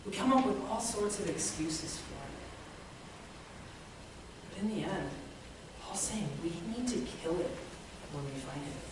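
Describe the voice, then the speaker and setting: A woman's voice: on the low side, expressive, unhurried, pauses often. A woman preacher giving a conversational sermon, speaking directly to her listeners. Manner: conversational, addresses listeners as guys. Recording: echoey room, distant mic, faint noise.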